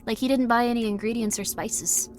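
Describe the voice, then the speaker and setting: A woman chatting and reacting while streaming a horror game live, joking along and breaking into sudden loud outbursts. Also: a little high, fairly even intonation, fairly quick, soft background music.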